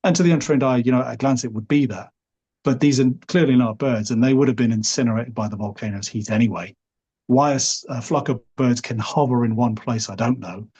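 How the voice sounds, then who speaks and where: A husky-voiced man with a Liverpool accent tells a story at an easy pace. He rambles and hedges, slipping in "sort of" and "you know" as he goes. He sounds middle-aged and relaxed. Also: medium pitch, a little fast. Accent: Liverpool English. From Liverpool, England. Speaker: podcast guest.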